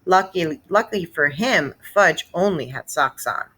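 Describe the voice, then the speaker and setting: A woman reading a children's novel aloud, expressive and storytelling. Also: fairly low pitch, measured pace. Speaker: read-aloud narrator.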